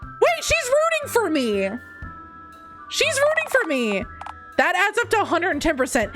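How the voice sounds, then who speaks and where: A woman's voice: huge pitch swings, unhurried, loud music behind the voice. A young woman streaming a game, casual and playful, swinging into dramatic outbursts. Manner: playful, dramatic, swinging between high squeals and mock-low asides.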